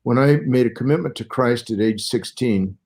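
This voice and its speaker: A man's voice: medium pitch, moderate pace, a little mellow. A man in his sixties from Southern California, a Bible scholar guesting on an interview show, explaining things carefully and step by step, like a lecture.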